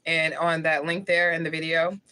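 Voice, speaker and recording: A livestream host in her forties from St. Louis, Missouri talks at normal speed in a low-pitched, level voice that's pushed and bright yet clean. Reading viewer comments in casual live chat, she stays blunt and slangy and laughs often.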